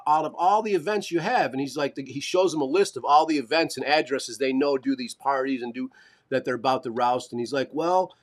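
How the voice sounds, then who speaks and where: A man co-hosting a live stream, telling a long story in casual chat, swearing and acting out the people he quotes. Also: fairly high pitch. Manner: animated, swearing, acts out quoted voices. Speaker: podcast co-host.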